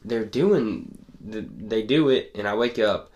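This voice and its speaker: A man's voice: lowish voice, very animated, slow, darkish tone. A young man telling stories in a casual podcast chat, rambling and laughing often. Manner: laid-back rambling storyteller, laughs often. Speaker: podcast co-host.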